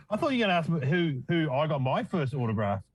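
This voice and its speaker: Middle-aged aussie comedian bloke, wry and self-mocking, a bit high-voiced, dry close sound. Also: male voice, very animated, brisk, husky, no echo, rough recording. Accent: Australian. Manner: wry, self-deprecating storyteller. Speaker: comedian guest. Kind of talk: casual chat.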